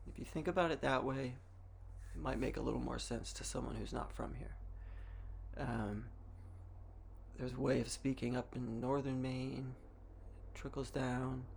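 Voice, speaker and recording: A man's voice: mid-range voice, fairly even intonation, measured pace, gravelly, long pauses, a little hiss or hum. A young man from Massachusetts, talking to camera in a rambling, wry way, with restarts and small laughs. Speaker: vlogger. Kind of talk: casual monologue.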